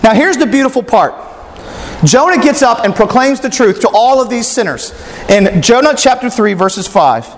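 A man's voice: very high-pitched, animated, moderate pace, big-room sound, a little hiss or hum. A man preaching a sermon who reads scripture aloud and asks his listeners rhetorical questions.

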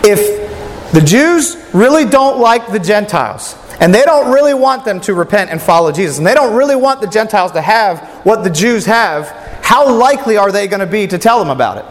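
A man's voice: high voice, animated, normal speed, in a large hall, a little hiss or hum. A man preaching a sermon who reads scripture aloud and asks his listeners rhetorical questions.

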